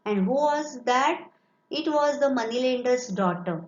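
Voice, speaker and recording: A woman reading aloud as a village potter, defending himself with halting explanations. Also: high voice, lively intonation. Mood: defensive. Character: village potter blaming someone else. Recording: roomy, dull classroom recording.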